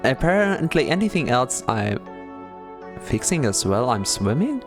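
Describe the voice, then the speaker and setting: Animated, giggly visual novel streamer. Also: measured pace, music in the background. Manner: chatty and giggly, muses aloud about the story; bursts into high excited squeals when greeting. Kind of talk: live-stream gameplay commentary.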